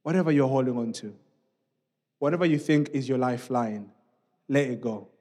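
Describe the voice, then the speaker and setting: A man preaching a sermon in a church, speaking in an animated, conversational way with many asides to the congregation. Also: medium pitch, moderate pace. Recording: long reverb of a church hall.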